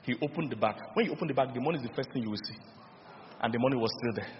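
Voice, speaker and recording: A middle-aged Nigerian man preaching a sermon in a lively storytelling style, with call-and-response. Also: medium pitch, very fast, slight background noise. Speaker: pastor. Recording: dull lo-fi sound with long hall reverb.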